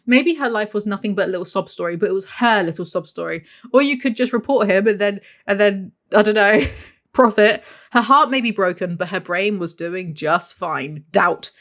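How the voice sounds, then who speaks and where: A woman's voice: mid-range voice, fairly bright tone. A British woman giving sarcastic book commentary, reading out passages and mocking them in a dry voice, with laughs between jokes. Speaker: book reviewer.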